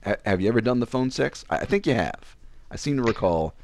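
A man's voice: fast, dry recording. A young man casually telling a personal story on a podcast, acting out the lines of the people in it. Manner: animated, acts out quoted lines with pitch jumps.

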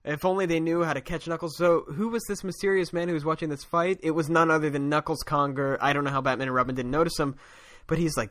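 Male podcast co-host, somewhat high-pitched, relaxed storyteller who chuckles as he retells the plot. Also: fast talker, dry recording, clean studio sound. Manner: chatty, laughs often, acts out quotes loosely. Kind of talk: casual chat recapping a comic story.

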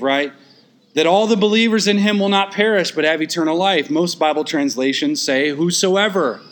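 With sudden pushes of emphasis and quick asides, a man preaches expositorily and keeps repeating key phrases. His voice is a little high and somewhat bright.

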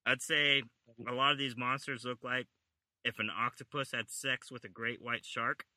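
A man's voice: medium pitch, fairly even intonation, moderate pace, bright, forceful tone, no echo. A man chatting about a comic book with a friend, joking, swearing and trying out silly voices. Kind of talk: casual comic book chat.

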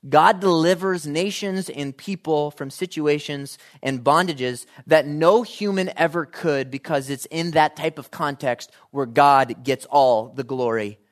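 A man preaching a sermon, shifting from quiet, measured reading to loud, animated emphasis. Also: a little high.

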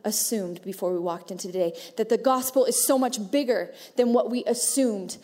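A woman's voice: medium pitch, moderate pace. A woman in her thirties preaching a sermon in a church auditorium, playful and joking with the congregation. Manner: playful, joking, animated asides. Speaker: pastor. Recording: reverberant church hall.

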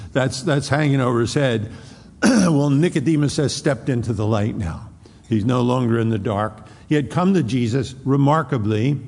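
A man's voice: medium pitch, darkish tone, slightly rough. A man preaching a sermon, retelling scripture as a story and acting out the quotes, often restarting his words. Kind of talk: expository sermon. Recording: long hall reverb.

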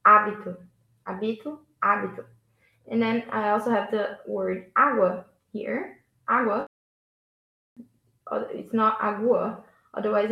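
Gravelly-voiced woman teaching pronunciation. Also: mid-range voice. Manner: patient, repeats words slowly for practice. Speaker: Portuguese teacher. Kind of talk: language lesson. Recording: echoey room.

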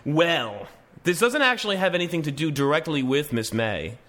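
Man, podcast host, casual news commentary, wry asides, restarts, lively swooping pitch, bright tone. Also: normal speed, slight background noise. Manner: reads articles aloud with wry asides and frequent restarts.

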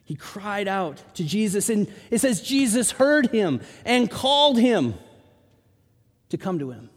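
A man preaching a sermon with animated storytelling, his voice rising into shouts when he acts out the people in the story. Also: sits high, unhurried. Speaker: pastor. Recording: long hall reverb.

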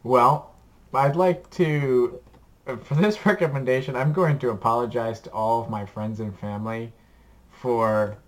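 A man's voice: mid-range voice, steady tone, unhurried. A man on a podcast chatting casually and enthusiastically about music he likes, rambling and laughing as he talks. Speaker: podcast co-host giving a music recommendation. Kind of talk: casual chat.

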